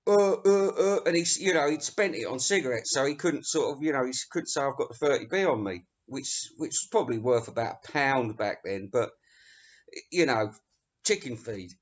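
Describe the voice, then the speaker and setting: A man's voice: mid-range voice, lively intonation, moderate pace. A middle-aged man from England, telling rambling, sweary anecdotes as a music reviewer. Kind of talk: casual storytelling. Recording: dull lo-fi recording.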